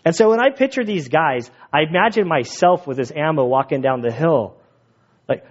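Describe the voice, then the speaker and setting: A man preaching a sermon and telling his own stories in an animated, jokey way, laughing at his own stories. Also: a little high, fast, lo-fi sound. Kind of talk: sermon with personal storytelling.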